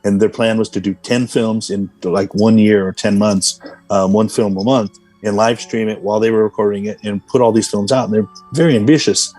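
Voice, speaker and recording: Podcast guest, male actor, husky voice, loose rambling anecdotes, faint music underneath. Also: lowish voice, fairly even intonation, fairly quick, a little mellow, dry recording, low-quality recording. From Los Angeles, USA. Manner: rambling anecdotal storytelling with many fillers. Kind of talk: casual podcast interview.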